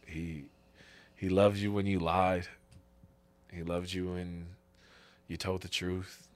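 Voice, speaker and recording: A man in his thirties giving an earnest, halting faith testimony as a podcast guest, tearful. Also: sits low, flat delivery. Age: 30s. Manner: halting, restarts often, earnest and tender.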